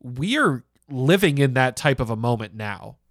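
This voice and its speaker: A young man co-hosting a casual podcast chat, animated and laughing often, with plenty of fillers. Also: medium pitch, moderate pace, no echo, clean studio sound. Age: young adult. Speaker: podcast co-host.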